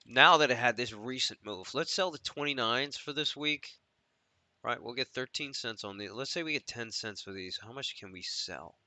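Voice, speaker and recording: A man's voice: mid-range voice, moderate pace, pushed and bright, no room sound. A man hosting a live trading stream, thinking aloud and swearing as he mutters to himself.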